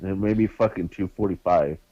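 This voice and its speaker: A man's voice: sits low, normal speed, warm tone, a little hiss or hum. A man co-hosting a podcast, talking bluntly and emphatically with a lot of swearing. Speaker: podcast co-host. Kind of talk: casual wrestling review chat. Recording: dry, dull lo-fi mic.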